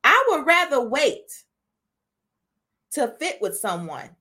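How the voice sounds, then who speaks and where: A woman's voice: high voice, sing-song, slow, sharp tone. A woman hosting a podcast who gives a casual devotional talk to women. She speaks earnestly and conversationally, and often ends sentences with "right?" and "you know?". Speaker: podcast host.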